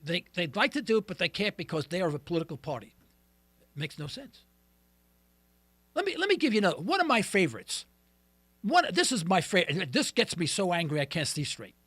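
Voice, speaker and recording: A man's voice: high-pitched, huge pitch swings, brisk, fairly bright tone, no room sound. A man hosting a call-in talk radio show, ranting and joking with sound effects.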